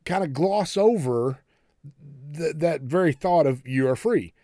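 A man from the United States preaches in a folksy, easygoing way, stumbling into restarts and repeating words as he talks. He slows right down to lean on key phrases. His voice is warm, sits a little high for a man, and is recorded dry and close. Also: expressive, no echo. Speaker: pastor. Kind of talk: sermon.

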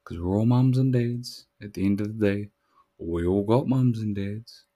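Warm in tone, fairly low in pitch and at a moderate pace, this man hosts a casual solo podcast. He talks in a relaxed, slangy way that drifts into reflection.

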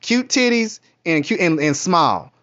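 A man's voice: high-pitched, animated, unhurried, a bit bright. A middle-aged man from Kentucky, telling candid, profane stories in a rambling casual monologue. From Kentucky, USA. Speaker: vlogger. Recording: muffled lo-fi audio.

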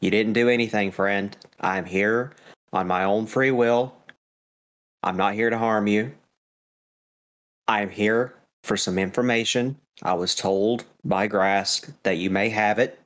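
A man voicing a courteous male sage who speaks in a measured, polite way. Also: fairly low pitch, steady tone, a bit bright.

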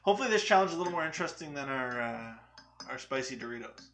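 A man's voice: medium pitch, lively intonation, rapid-fire, a bit bright. A young man hosting a live movie news stream, chatting casually, rambling and joking with frequent laughs.

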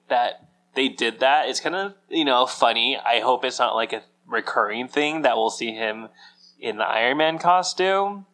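A man's voice: mid-range voice, fairly bright tone. A man with a mid-range voice co-hosts a podcast, chatting casually. He sounds easygoing, laughs often and keeps his replies short. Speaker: podcast co-host. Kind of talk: casual chat.

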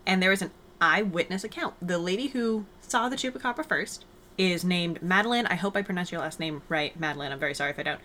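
A woman's voice: fairly low pitch, fast talker, bright, forceful tone, slight background noise. A woman hosting a podcast in casual chat, explaining and telling stories in an upbeat way. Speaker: podcast host.

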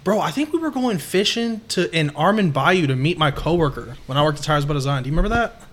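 A young man from the Houston area telling profane, animated stories with friends and laughing as he talks. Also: fairly high pitch, fast talker. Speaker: podcast co-host. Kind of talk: casual chat, storytelling.

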